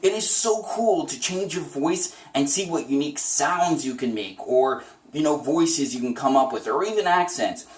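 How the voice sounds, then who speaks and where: Upbeat man with a lively voice. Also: fairly high pitch, normal speed, far from the mic. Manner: upbeat and chatty, often laughing. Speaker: voice actor teaching impressions. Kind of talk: casual tutorial talk. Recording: roomy echo, away from the mic.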